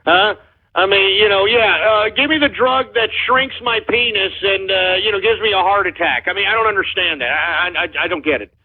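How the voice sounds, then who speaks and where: A man's voice: high-pitched, fairly quick, breathy edge. A Texan man hosting a call-in radio show, brash and combative with callers. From Texas. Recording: muffled, phone-like radio stream.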